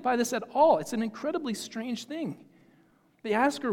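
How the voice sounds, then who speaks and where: A man's voice: high voice, a little fast, a little mellow, in a large hall. Man preaching a conversational sermon. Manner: conversational, explanatory, musing aloud. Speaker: pastor.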